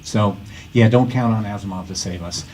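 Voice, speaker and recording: A man's voice: on the low side, normal speed, a little mellow, slight background noise, low-quality recording. A man speaking on a discussion panel, making his points with emphasis and wry joking asides.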